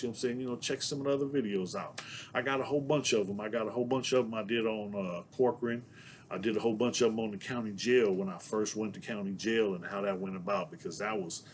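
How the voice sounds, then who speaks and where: A man's voice: on the low side, slight background noise. Rambling man from San Diego. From Southeast San Diego, California. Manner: rambling, packed with "you know what I'm saying"; laughs between thoughts. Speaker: vlogger telling prison stories. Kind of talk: casual storytelling to camera.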